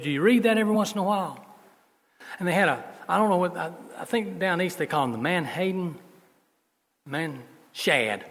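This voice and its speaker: Husky male pastor, folksy sermon delivery with loud and soft swings, long hall reverb. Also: medium pitch. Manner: folksy storytelling, swings between loud emphasis and soft asides.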